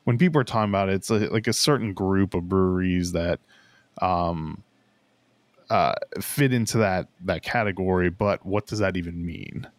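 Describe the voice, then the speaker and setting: A man's voice: low-pitched, normal speed, no echo. A man hosting a casual podcast interview, easygoing and a little hesitant, with frequent ums. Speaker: podcast host.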